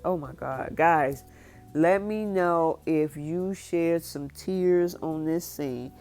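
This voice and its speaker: A woman with a low, mellow voice, chatting through a reality-show recap. She keeps acting out the cast's lines as she retells each scene. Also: slow pace, faint music behind. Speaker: recap vlogger. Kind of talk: casual recap and review.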